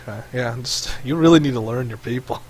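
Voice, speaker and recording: A man narrating as game master over online voice chat, talking casually and halting with fillers. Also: mid-range voice, slightly rough.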